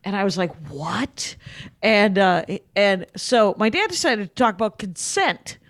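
A woman's voice: mid-range voice, normal speed. A middle-aged woman, a comedian guest, telling chatty, wry stories with punchlines in a casual interview. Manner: chatty, wry, lively storyteller who tells stories with punchlines.

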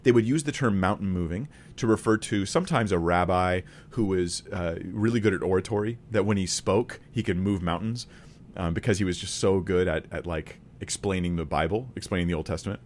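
A man's voice: low-pitched, a little fast, slight background noise. A man giving a conversational Bible study, earnest and emphatic, often restating his key points. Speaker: Bible teacher.

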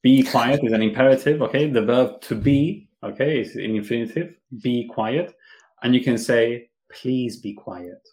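A man's voice: mid-range voice, a little mellow. Bilingual man explaining English grammar. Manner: explains slowly, switching between Spanish and English. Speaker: English teacher. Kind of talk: bilingual podcast lesson.

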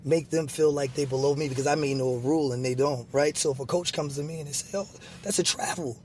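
A man's voice: on the high side, fairly even intonation, fast talker, darkish tone, a little hiss or hum. Earnest man explaining his approach. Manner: earnest, explains patiently, many "you know"s. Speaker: guest, basketball referee. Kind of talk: casual conversation.

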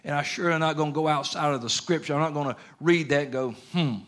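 A man's voice: on the high side, steady tone, quick pace, a bit bright. A man preaching a sermon in an earnest, conversational way, using plain everyday grammar.

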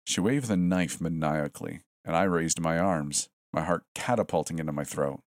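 A man narrating a horror story in a steady, tense storytelling manner. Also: very deep voice, normal speed, dry recording, clean studio sound.

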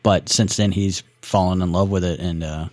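A man's voice: sits low, fairly even intonation, moderate pace, a little mellow, no echo. A man in casual movie watch-along chat, sharing behind-the-scenes trivia with hesitant restarts. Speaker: co-host.

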